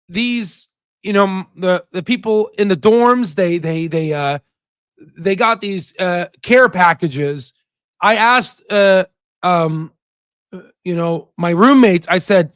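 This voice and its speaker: Young man, fairly high voice, choked up, near tears, rambling with halting restarts, dry close sound. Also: fairly bright tone, no echo. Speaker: investing channel host. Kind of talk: candid personal story to camera.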